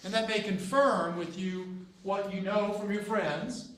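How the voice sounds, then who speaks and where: A man's voice: sits high, fairly even intonation, unhurried, roomy sound. A man in his fifties teaching a class of cadets, folksy and repetitive, acting out bits of dialogue in his stories. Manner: folksy, repeats himself, acts out dialogue. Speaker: JROTC instructor. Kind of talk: classroom lecture with anecdotes.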